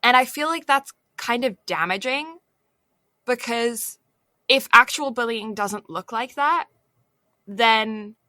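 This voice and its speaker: A woman's voice: on the high side, lively intonation, slow pace, sharp tone, no echo. A woman co-hosting a podcast, chatting casually and rambling with plenty of filler words. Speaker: podcast co-host. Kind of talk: casual chat.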